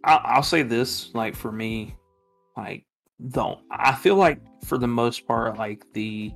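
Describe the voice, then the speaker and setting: A man's voice: medium pitch, slow pace, vocal fry, fairly bright tone, faint music behind. A man co-hosting a casual podcast, hesitant and full of fillers, saying "dude" often. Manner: hesitant, filler-heavy, says dude a lot. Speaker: podcast co-host. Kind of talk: casual chat.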